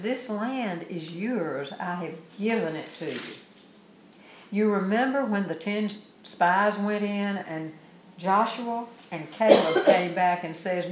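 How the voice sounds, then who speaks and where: Woman preacher, sermon delivery, lower register, reads verses aloud then explains them earnestly; echoey room recording. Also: slight background noise. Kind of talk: sermon with scripture reading.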